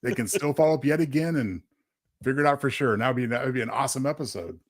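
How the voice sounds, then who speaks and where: A man co-hosting a casual review show, lively and quick to laugh. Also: mid-range voice. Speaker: podcast co-host.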